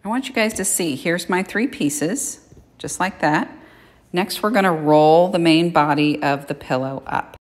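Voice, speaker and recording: A woman's voice: lowish voice, unhurried, long reverb tail. A woman giving a chatty, plain-spoken sewing tutorial in a home kitchen, explaining each step. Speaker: sewing instructor. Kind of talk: casual how-to tutorial.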